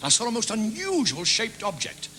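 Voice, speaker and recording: A man, doing a stand-up comedy routine with rapid, sing-song gag delivery. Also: sits high, huge pitch swings, pushed and bright, slight background noise, poor audio. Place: TV studio stage with audience.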